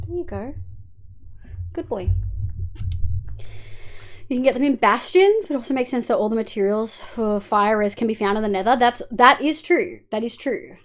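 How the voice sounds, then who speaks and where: A woman's voice: fairly high pitch, expressive, normal speed, long pauses. Chatty Australian woman streaming a game. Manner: chatty and candid, thinks aloud, swears casually, scolds her cat fondly. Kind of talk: casual live-stream chat while gaming.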